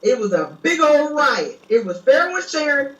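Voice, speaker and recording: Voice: sits high, very animated, moderate pace, fairly bright tone, muffled recording. A guest reminiscing and telling stories in a casual chat. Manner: reminiscing storyteller. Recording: echoey room, far from mic.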